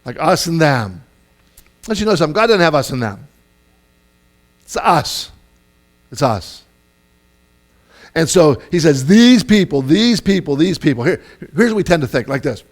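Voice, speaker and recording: A man preaches a sermon with an animated, conversational delivery, his slightly high voice jumping up in loud bursts whenever he acts out a quote. A low mains hum runs steadily beneath the recording. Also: unhurried, pauses often. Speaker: pastor.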